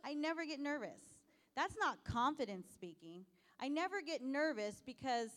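High-voiced woman preaching with big swings. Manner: animated, swings between soft asides and loud exclamations; laughs often, asks the audience questions. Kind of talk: sermon.

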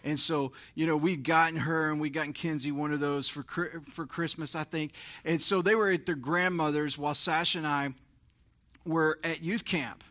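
A pastor in his thirties tells a story from the pulpit, shifting from quiet, intimate moments to fervent bursts of praise. His voice is bright and forward, set fairly high for a man. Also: steady tone, moderate pace. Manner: storytelling, swings from hushed to fervent. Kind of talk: sermon.

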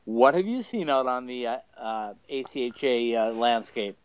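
A man's voice: medium pitch, expressive, moderate pace, clear, resonant tone, no echo, muffled recording. A man co-hosting a casual sports talk show, easygoing and encouraging, with frequent fillers. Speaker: co-host. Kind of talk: casual sports radio chat.

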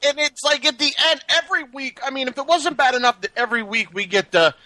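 Sarcastic bright-voiced podcast man. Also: extremely high pitch, quick pace. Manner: sarcastic, exasperated. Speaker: podcast co-host. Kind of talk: casual chat.

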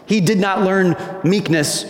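A man's voice: sits high, unhurried. A man preaching a sermon in a church. He talks in a conversational way, asks the congregation questions and acts out quoted voices. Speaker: pastor. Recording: echoey hall with long reverb.

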